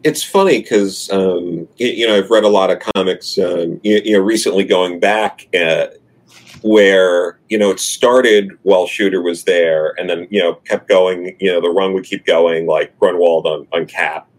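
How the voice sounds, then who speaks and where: A man co-hosting a casual interview, asking questions in a halting way with frequent fillers and restarts. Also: deep voice. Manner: halting, fills with "you know" and restarts. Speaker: podcast co-host.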